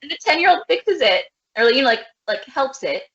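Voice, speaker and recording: A woman's voice: high-pitched, very animated, fairly quick, fairly bright tone, highs cut off. A woman co-hosting a podcast, rambling in casual chat with lots of filler words. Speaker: podcast co-host.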